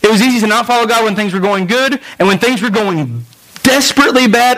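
A man's voice: high voice, expressive, fast talker, fairly bright tone, low-quality recording. A man in his thirties preaching a sermon to a live congregation, speaking in an earnest, personal and emotional way and repeating phrases for emphasis.

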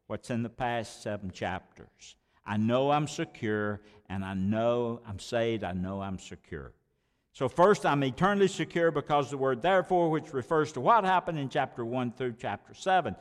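Emphatic preaching man in a reverberant hall. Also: mid-range voice. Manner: emphatic preaching with repeated words and sharp swings in volume. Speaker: pastor. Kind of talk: sermon.

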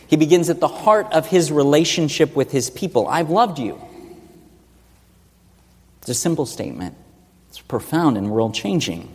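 A man's voice: a little high, a little mellow. A man preaching an expository sermon, teaching earnestly and asking rhetorical questions. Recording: long reverb of a large hall.

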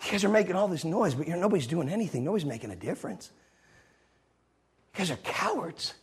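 A male pastor delivering a lively sermon, retelling the story with energy and playing out each scene. His voice sits high for a man and has a husky, breathy edge. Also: fast talker. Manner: animated storytelling, acts out scenes.

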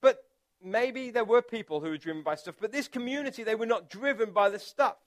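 A man preaching a relaxed, conversational sermon as pastor, chatty and self-deprecating, with filler words and restarts. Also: sits high, a little fast.

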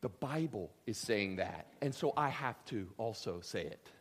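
A man preaching a sermon as pastor, joking and animated, swinging from loud lines to hushed ones. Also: fairly low pitch, measured pace, husky.

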